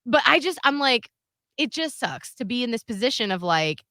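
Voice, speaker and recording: A woman's voice: a little high, normal speed, no room sound, clean studio sound. A young woman co-hosting a radio show, chatting casually and telling stories with lots of "like" and quoted voices. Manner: animated storytelling with quoted voices and frequent "like". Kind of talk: casual chat.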